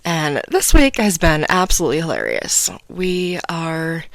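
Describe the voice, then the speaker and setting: Slow-talking, lively woman podcast host. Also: low-pitched, gravelly, no room sound. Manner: animated, laughing storyteller. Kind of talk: casual podcast storytelling.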